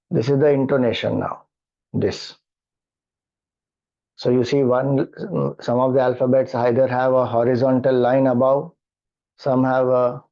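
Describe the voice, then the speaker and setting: A middle-aged man with an Indian English accent, a spiritual teacher patiently explaining mantra chanting and chanting slowly. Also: mid-range voice. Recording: dull lo-fi audio.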